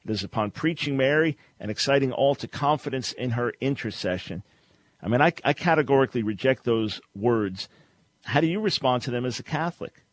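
A man's voice: lively intonation, a little fast. A man hosting a radio call-in debate, pressing his points emphatically. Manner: emphatic, rising pitch when pressing a point. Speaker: radio show host.

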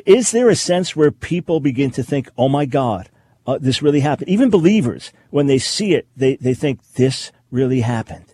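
A man's voice: medium pitch, normal speed, a little hiss or hum. Emphatic male radio talk host. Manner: energetic, emphatic, with frequent restarts. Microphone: studio microphone.

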